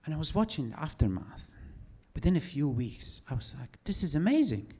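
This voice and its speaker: A man doing a stand-up comedy set, telling his story with sardonic, animated delivery. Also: medium pitch, moderate pace, breathy edge.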